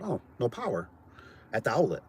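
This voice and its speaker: A man's voice: mid-range voice, wildly swooping pitch, normal speed, husky. Chatty man telling a work story. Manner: chatty, tosses in "like" and "right?", acts out quoted voices. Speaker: garage door business owner. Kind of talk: casual storytelling.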